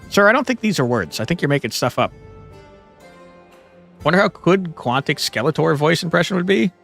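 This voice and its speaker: A man's voice: on the high side, lively intonation, a little fast, creaky, long pauses, fairly bright tone. A young man live-streaming a game, chatting in a laid-back, jokey way with casual swearing. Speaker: gaming streamer. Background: game music.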